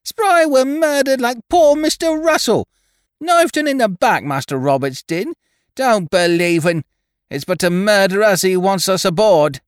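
A shrill young pirate screeches out his protests in a voice pitched sharply high. The delivery is desperate and accusing, the voice stretched thin. Storybook reading, dry close sound. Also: animated, measured pace, clear, resonant tone, no echo.

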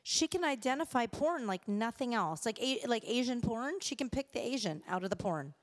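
A woman co-hosts a comedy podcast in a playful, teasing way, often breaking into giggles. Her voice is fairly high and very lively in pitch. A long reverb trails behind her words. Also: moderate pace. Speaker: podcast co-host. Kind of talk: casual comedic chat.

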